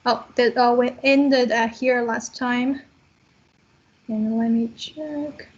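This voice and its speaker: A woman teaches an online language class in a high, slightly husky voice, taking her time and checking in with students after each point. The video call audio is muffled and lo-fi. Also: steady tone, takes it slowly. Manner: patient, explains step by step with many okays.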